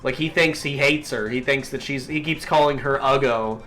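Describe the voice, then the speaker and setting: A man's voice: mid-range voice, moderate pace, pushed and bright, faint music behind. A man co-hosting a podcast, chatting casually with crude, joking banter. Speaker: podcast co-host. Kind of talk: casual chat.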